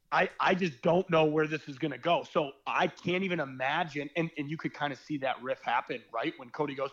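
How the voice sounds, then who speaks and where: A young man, a former reality game contestant, telling stories in a rambling, animated casual chat. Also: on the high side, a little fast, few pauses, dull audio. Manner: rambling, animated storytelling with fillers.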